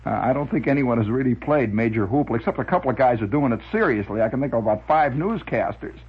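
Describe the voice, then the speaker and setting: Husky man telling rambling radio stories. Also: medium pitch, quick pace, highs cut off. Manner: lively, chuckling, full of filler "uh"s. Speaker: radio monologist. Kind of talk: rambling storytelling monologue.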